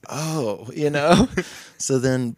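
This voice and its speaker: A man's voice: mid-range voice, very slow, no room sound, clean studio sound. A man, a podcast guest, telling a long story in casual chat, acting out the voices and laughing often, with a loose manner that swears freely. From Nashville music scene.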